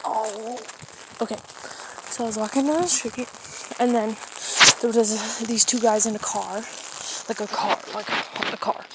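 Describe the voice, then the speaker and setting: A woman's voice: on the high side, fairly even intonation, unhurried, long pauses. A teenage girl chatting and rambling into a handheld phone while walking her dog outside in the rain. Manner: rambling, giggly, chatty storytelling. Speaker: vlogger. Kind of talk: casual vlog chat. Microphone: handheld phone camera. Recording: rain noise over the voice. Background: rain on an umbrella.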